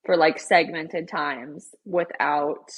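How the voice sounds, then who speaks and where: A young woman co-hosting a podcast, talking in a chatty, animated, over-explaining way. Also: low voice, slow pace, slightly rough, highs cut off. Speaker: podcast co-host. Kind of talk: casual chat.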